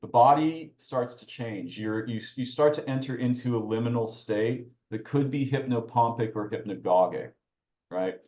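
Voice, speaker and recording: A man's voice: mid-range voice, moderate pace, dark tone, reverberant, highs cut off. A man talking as a podcast guest, reflective and searching, often restarting his phrases mid-thought. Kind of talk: reflective conversational talk.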